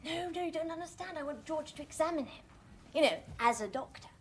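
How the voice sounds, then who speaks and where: An actress playing an earnest, determined young woman in a period television drama, brisk and insistent. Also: high-pitched, slight background noise, lightly acted.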